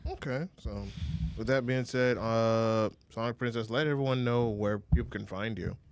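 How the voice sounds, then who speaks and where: A man's voice: medium pitch, normal speed, slight background noise. A man hosting a casual gaming podcast, rambling with plenty of fillers as he steers toward the wrap-up. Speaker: podcast host.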